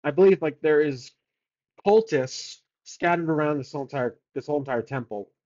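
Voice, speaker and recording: A man's voice: on the high side, brisk, darkish tone, lo-fi sound. A man narrating his solo tabletop game, casually thinking aloud and rolling odds for each choice.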